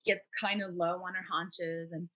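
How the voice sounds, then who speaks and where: A woman chatting casually as a player in a tabletop game, gentle and playful. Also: on the low side, little pitch movement, unhurried. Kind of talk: casual play chat.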